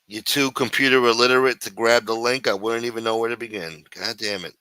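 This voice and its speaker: A man's voice: medium pitch, steady tone, a little fast, pushed and bright, smooth, no room sound. A man hosting a live stream, ranting and swearing constantly in an irritated, complaining way. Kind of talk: casual profane rant reacting to a stream.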